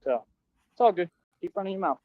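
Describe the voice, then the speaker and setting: A man's voice: high voice, animated, quick pace, no echo. Boastful young man in a lo-fi clip. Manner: boastful, taunting, slangy. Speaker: streamer in a played clip. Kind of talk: boastful streaming rant. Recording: dull lo-fi stream clip.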